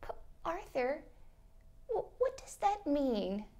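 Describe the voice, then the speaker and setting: A woman's voice: high voice, sing-song, slow, warm tone, heavily acted. A woman playing a melodramatic, whiny mother who guilt-trips her grown son in a comedy sketch. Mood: guilt-tripping. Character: nagging, guilt-tripping middle-aged Jewish-style mother. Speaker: sketch actor. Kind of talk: comedy sketch phone call.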